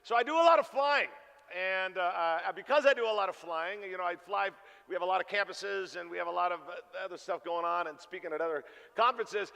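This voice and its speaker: A pastor preaching a sermon, telling a funny story in an animated way and acting out the dialogue. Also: male voice, high-pitched, fairly quick, vocal fry. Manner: animated, jokey, acts out dialogue. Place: church sanctuary. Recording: reverberant church hall.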